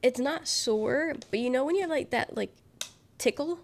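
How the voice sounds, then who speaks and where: Her voice is high with lively intonation and a moderate pace, yet nasal and congested because she is streaming live while sick. The young woman rambles casually to viewers, giggles frequently and swears without a second thought.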